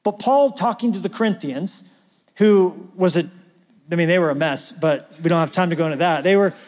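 A man preaching a sermon as pastor, talking like a conversation and swinging from loud emphasis to near-whispers. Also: high-pitched, moderate pace, long reverb tail.

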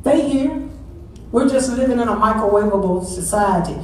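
A woman's voice: on the high side, normal speed, slight background noise. A middle-aged woman, a pastor's wife, preaching a Mother's Day sermon in a conversational, emphatic way with lots of repetition. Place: large church sanctuary. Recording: echoey church sanctuary, distant mic.

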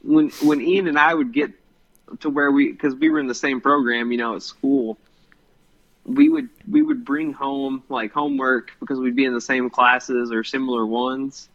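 A man's voice: medium pitch, normal speed, a bit bright, lo-fi sound. A young man co-hosting a podcast in casual chat, rambling and hesitant with lots of ums. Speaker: podcast co-host.

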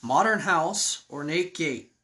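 A man reading the lines of a gruff veteran police detective in a tabletop story game, speaking bluntly and matter-of-factly. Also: on the high side, lively intonation, slow, sharp tone, full character voice.

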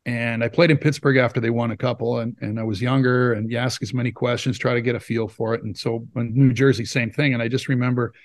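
A middle-aged man, a former hockey player telling stories in a casual interview, rambling and animated with lots of fillers. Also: medium pitch, fast talker, hardly any pauses, no echo. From Saskatchewan, Canada. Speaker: former pro hockey player, now scout. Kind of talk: casual storytelling in a podcast interview.

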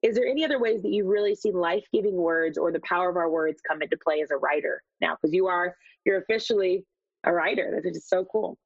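A woman's voice: on the low side, quick pace, breathy edge, dry recording. A woman hosting an interview, affirming and enthusiastic as she responds to her guest. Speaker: podcast host. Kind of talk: conversational interview. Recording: dull, dry sound.

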